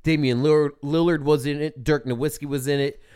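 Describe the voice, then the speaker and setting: A man co-hosting a podcast, talking in a casual, animated, ranting way with plenty of swearing. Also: on the high side, fairly quick, smooth. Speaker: podcast co-host. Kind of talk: casual chat.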